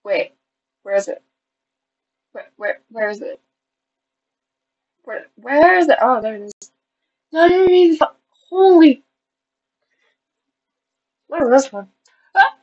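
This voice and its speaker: A woman's voice: fairly high pitch, animated, measured pace, long pauses, highs cut off. A woman vlogging in a casual, giggly way, teary and self-deprecating, swinging between squeals and mumbles. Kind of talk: casual vlog chat.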